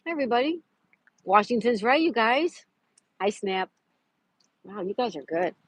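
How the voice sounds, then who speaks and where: A woman's voice: on the high side, expressive, moderate pace, breathy edge. A woman hosting a casual livestream from outdoors in a park, chatting to viewers, greeting them by name and reading trivia questions aloud. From Florida. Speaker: livestream host.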